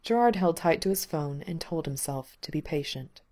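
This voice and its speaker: A woman reading a story aloud in a calm, measured way, her voice sitting a little low for a woman. The delivery is steady and unhurried, like an audiobook reading. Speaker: narrator.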